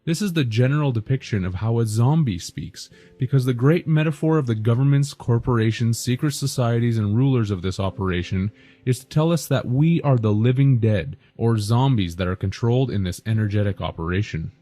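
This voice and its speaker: A man giving scripted narration in a measured, lecturing delivery. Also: medium pitch, dark tone.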